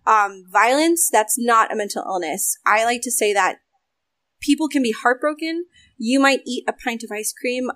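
A woman's voice: fairly high pitch, moderate pace, no room sound. Young woman talking openly in an interview, acts out little quotes, dead dry audio. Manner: open, animated, acts out quoted voices. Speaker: game developer guest. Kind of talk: candid conversational interview.

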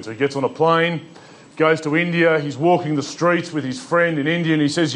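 A male pastor delivers a sermon in church. He talks in a relaxed, storytelling way, restarting phrases as he goes. His voice sits a little higher than most men's. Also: fairly quick. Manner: storytelling, conversational with frequent restarts. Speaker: senior pastor.

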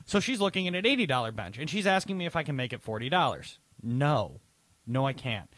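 A man's voice: mid-range voice, sing-song, fairly quick, a bit bright, no room sound. A man co-hosting a casual talk show, telling a rambling and profane story with plenty of exasperation. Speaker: co-host. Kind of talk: casual podcast chat.

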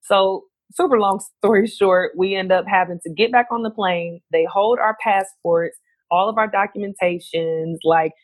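A woman telling a story in casual chat, animated and quick, acting out what other people said. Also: medium pitch, dry recording.

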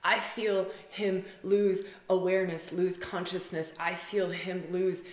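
A woman with a slightly low voice talks in a loose, rambling monologue, piling up repeated words for emphasis. The sound is roomy and echoey. She sounds intimate, as though she is speaking to a small group of students. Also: little pitch movement, takes it slowly. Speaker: spiritual facilitator. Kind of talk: casual monologue.

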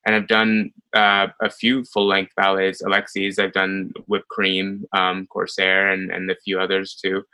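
Young male dancer, interview guest: low but bright voice, relaxed storytelling with fillers. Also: unhurried, hardly any pauses, clear, resonant tone, rough recording. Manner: chatty, many ums, animated retelling.

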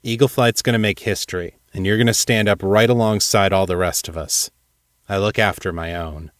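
A man's voice: fairly low pitch, steady tone, normal speed, fairly bright tone, no echo, close to an everyday voice. A man voicing a blunt, commanding older Air Force colonel who swears freely and talks dryly. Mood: encouraging. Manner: profane, commanding, dry.

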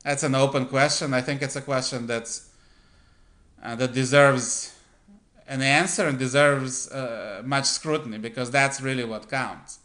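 A male radio commentator delivering a political monologue at a middling pitch. He talks in a deliberate, halting way, breaking his sentences with fillers, restarts and frequent throat-clearing. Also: steady tone, sharp tone.

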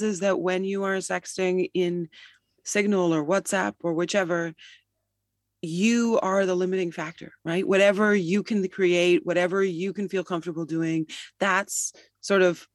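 Interview guest, app founder, articulate long answers with fillers, mid pitch, dry close mic. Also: dry recording. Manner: articulate, explains at length with fillers.

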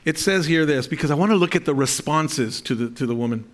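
Man preaching a sermon, slightly high voice. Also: animated, quick pace. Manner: reads scripture aloud, then explains it with frequent restarts; speaks to a congregation, asking for amens. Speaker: pastor.

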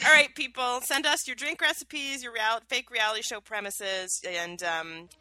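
A woman co-hosting a casual podcast from her house, bubbly and quick to laugh. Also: a little high. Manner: bubbly, animated, laughs easily. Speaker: podcast co-host.

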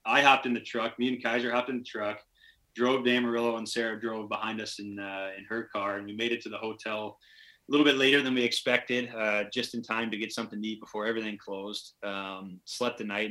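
Pushed and bright with a lowish pitch, this voice belongs to a pro hockey player guesting on a casual podcast. He tells a long, meandering story and performs the voices of the people in it.

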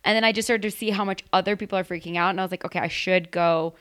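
A young adult woman in casual chat, talking in quick asides and laughing often. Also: lowish voice, steady tone, a bit bright, clear, resonant tone.

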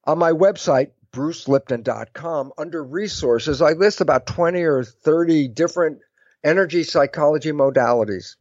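Animated man acting out little dialogues. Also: fairly high pitch, moderate pace, dry recording, dull audio. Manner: lively, acts out both sides of imagined dialogues. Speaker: guest speaker. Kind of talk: animated explanatory interview talk.

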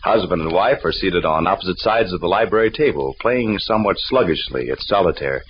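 A man's voice: low-pitched, lively intonation, fairly quick. A man narrating as a radio announcer in a genial, conversational manner. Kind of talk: scripted narration. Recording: dull old radio broadcast with faint hiss.

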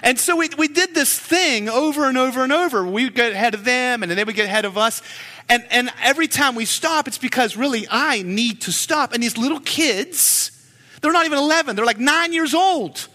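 A man in his forties preaching a sermon as a pastor, telling stories in an animated, joking way. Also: extremely high pitch, a little fast, long reverb tail. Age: 40s.

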